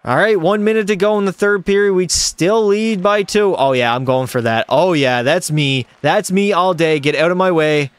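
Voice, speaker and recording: Streamer type, young guy, slightly high smooth voice, excitable play-by-play, jokey with chat. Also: moderate pace, few pauses, no echo. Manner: hyped play-by-play, jokey, answers chat questions. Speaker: gaming streamer. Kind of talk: live gameplay commentary with chat.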